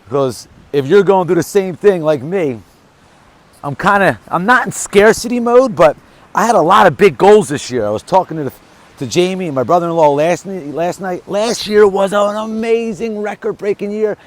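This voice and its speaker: Middle-aged guy, fired-up motivational vlog, kinda high voice, punchy delivery. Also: moderate pace. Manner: energetic storytelling, emphatic. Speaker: motivational vlogger. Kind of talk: casual motivational monologue.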